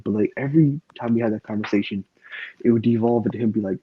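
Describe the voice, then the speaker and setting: A man with a fairly low, breathy voice talks at a quick pace as a podcast host, rambling, profane, and heavy on fillers in a casual chat. It's a dull lo-fi recording.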